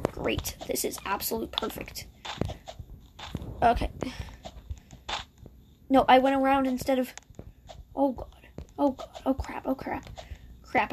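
High-voiced woman muttering sarcastic game commentary. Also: darkish tone, a little hiss or hum. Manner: chatty, sarcastic, muttered asides. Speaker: gameplay streamer. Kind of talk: casual gameplay commentary.

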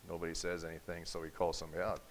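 A man preaching a sermon in church, telling a story with acted quotes and building to forceful emphasis. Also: deep voice, monotone, rapid-fire, rough recording. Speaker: pastor. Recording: faint hiss.

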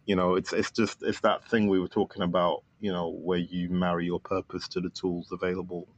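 A man's voice: low voice, flat delivery, fairly quick, a little hiss or hum. A man guest on a podcast, talking casually and enthusiastically with many fillers about his film. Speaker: filmmaker guest.

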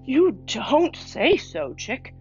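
A woman's voice: extremely high pitch, big pitch swings, unhurried, a little mellow, highs cut off, soft background music, voice pushed up, heavily acted. A woman voicing a cheerful older boy who talks in a hearty, teasing way.

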